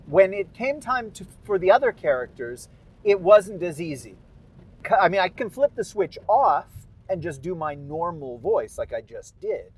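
A man's voice: high-pitched, sing-song, normal speed, breathy edge, low-quality recording. A man talking casually about his narration work, rambling with self-deprecating asides. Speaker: podcast narrator of public domain stories. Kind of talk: casual chat after a reading.

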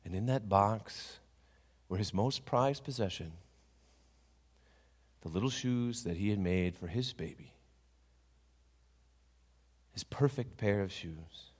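A man preaching a sermon as a dramatic story, with lively questions and hushed asides, in a church with long reverb. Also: lowish voice, slow, pauses often, slightly rough.

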